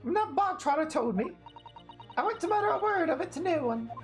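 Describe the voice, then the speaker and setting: A man voicing a tough teenage Cockney street girl who comes out sounding like a middle-aged woman, in rough slangy speech. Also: very high-pitched, animated, brisk, soft background music, voice pushed up. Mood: wary. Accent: put-on Cockney. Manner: rough slangy telling with dropped grammar. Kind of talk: game dialogue read aloud on a stream.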